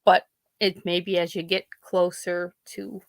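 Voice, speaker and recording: Her lowish voice has a flat, unhurried delivery with vocal fry, and there's no echo. She hosts a podcast in a Pennsylvania accent, casually rambling through family stories and acting out what her relatives told her.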